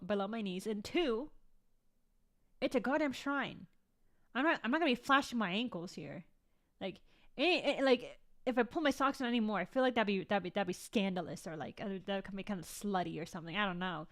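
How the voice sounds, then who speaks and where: A woman's voice: on the high side, a bit bright. Chatty, foul-mouthed young woman vlogger. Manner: chatty, rambling, swears freely. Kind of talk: casual chat to viewers.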